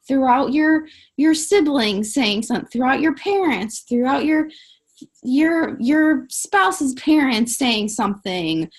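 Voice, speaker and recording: Husky, upbeat woman coaching a team. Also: sits high, lively intonation, slow. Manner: upbeat, emphatic, fills with "like" and "guys". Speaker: network marketing team coach. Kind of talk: live-streamed coaching talk.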